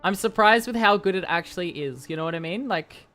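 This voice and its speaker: A woman's voice: lowish voice, a little fast, a bit bright. A young woman streaming live, chatting with her viewers in a playful, rambling way. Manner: playful, rambling, talks to chat. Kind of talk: casual live-stream chat. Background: faint music.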